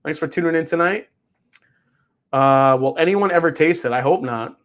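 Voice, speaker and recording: A man's voice: a little high, moderate pace, a bit bright. Rambling, swearing whiskey host, man. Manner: rambling, swears freely, reads chat aloud. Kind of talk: casual livestream chat.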